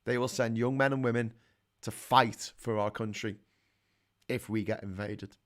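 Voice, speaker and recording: A man's voice: medium pitch, steady tone, moderate pace. A middle-aged man with a Scouse accent hosts a live call-in stream, reading viewer comments aloud and answering them with blunt, opinionated rants that swear and build in heat. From Liverpool, England. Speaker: host of a live call-in chat show.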